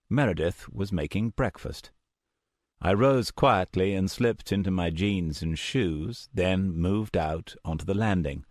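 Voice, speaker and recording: A man narrating a first-person audiobook in a measured, steady storytelling manner, close to the mic. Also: sits low, no echo.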